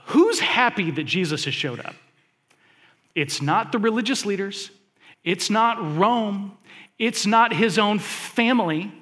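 A man preaching a sermon, speaking to his congregation conversationally, with lots of fillers and animated asides. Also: high-pitched, in a large hall. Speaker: pastor.

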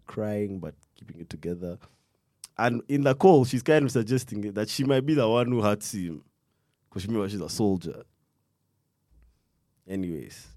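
A young man with a low, dark-toned voice chats casually through a true crime story, rambling, using slang and restarting sentences. Every so often he breaks off with coughing fits. The studio recording is clean and echo-free.

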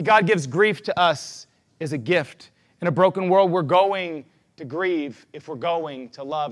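A male pastor preaching a sermon to a congregation in a lively, personal way, leading them aloud. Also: on the high side. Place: church before a congregation.

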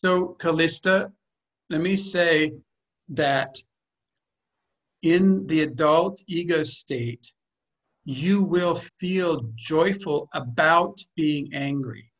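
A man with a slightly high voice coaches a group over a call in a direct, blunt manner. The audio is dull and lo-fi, and he drives his points home with emphasis. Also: drawn-out words, a bit bright. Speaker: group facilitator.

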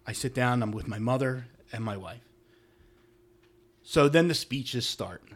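A middle-aged man of medium pitch, swapping stories on a casual podcast. He talks animatedly, punching some phrases out loud and dropping others to a low mutter, in a relaxed, conversational way. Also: unhurried. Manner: animated, swings from loud emphatic bursts to low muttered asides. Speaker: podcast co-host. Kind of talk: casual storytelling chat.

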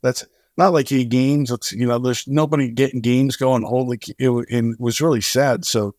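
A middle-aged man with a mid-range voice, a singer-songwriter who co-founded a charity, tells a long story in an interview at a moderate pace. He's an animated storyteller who acts out the dialogue as he goes. The recording is studio quality with no echo.

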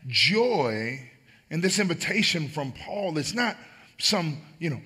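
A man's voice: on the high side, sing-song, takes it slowly, sharp tone, slightly rough. A man preaching a sermon as pastor, emphatic and building on repeated phrases.

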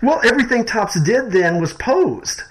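A man's voice: extremely high pitch, big pitch swings, moderate pace, husky, rough recording. A man in casual chat, easygoing, laughing often and making dry quips.

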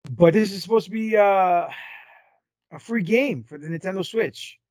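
A man hosts a relaxed podcast conversation, steering it with questions and hesitant ums. His voice sits fairly high for a man, recorded close and dry. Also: moderate pace, no room sound. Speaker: podcast host. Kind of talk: casual chat.

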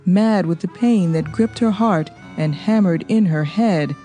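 A woman narrating a novel as an audiobook, reading in a steady, measured way. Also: lowish voice, faint music behind. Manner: steady, even, measured storytelling. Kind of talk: scripted narration.

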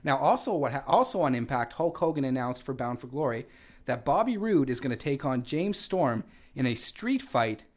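A man co-hosting a wrestling radio show with a middle-pitched voice. He recaps the week's events in a loose, rambling way, often stopping to restart a sentence. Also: expressive, normal speed. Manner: rambling with frequent fillers and restarts. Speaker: co-host. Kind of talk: casual wrestling radio chat.

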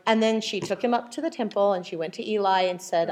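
Woman, study group leader, mid-pitched, lively storyteller who slips into quoted voices. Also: quick pace. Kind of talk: casual group Bible study discussion.

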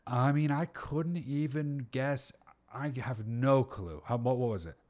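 A male podcast host interviewing a guest in a relaxed way. He reacts with stunned interjections and swears casually as he asks questions. His voice sits at an ordinary middle pitch. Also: a little slow.

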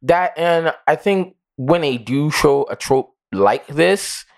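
A man co-hosting a podcast in casual chat, joking and drifting into slow reflective asides. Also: a little high, gravelly. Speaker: podcast co-host.

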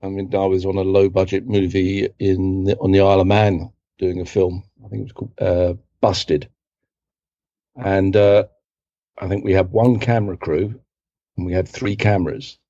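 A man's voice: sits low, little pitch movement, moderate pace, mellow, no room sound, muffled recording. A middle-aged man from England with a London accent, a guest telling rambling film-set stories and correcting himself as he goes. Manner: rambling, self-correcting, acts out quotes in other voices. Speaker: guest, film assistant director. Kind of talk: casual anecdotal storytelling.

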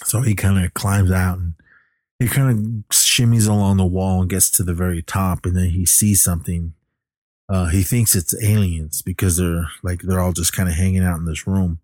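A man's voice: sits low, steady tone, normal speed, a little mellow, dry recording, studio quality. A man casually retelling a film's plot, rambling with lots of fillers and restarts. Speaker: film recapper. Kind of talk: casual movie plot recap.

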